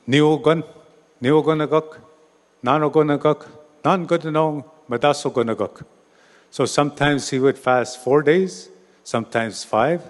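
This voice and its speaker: A man telling a traditional story to a live gathering, speaking loosely with many restarts and a few drawn-out soft asides. His voice sits at a middling pitch, and a long hall reverb trails behind it. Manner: informal, restarts words, says "eh". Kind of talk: oral storytelling talk.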